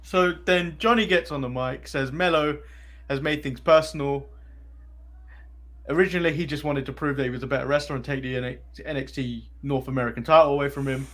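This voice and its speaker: A man's voice: mid-range voice, steady tone, fairly quick, a bit bright. A man with an English accent co-hosting a casual podcast, recapping events and chuckling as he goes. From England. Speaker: podcast co-host. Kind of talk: casual chat.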